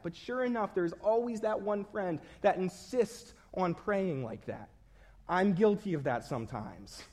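A man's voice: high voice, very animated, a little slow, a little mellow. Man preaching in a conversational sermon. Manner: conversational, self-deprecating storytelling.

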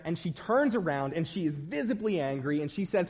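A man's voice: fairly high pitch, animated, fairly quick, hardly any pauses, darkish tone, breathy edge. Man preaching in a conversational sermon. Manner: conversational, self-deprecating storytelling.

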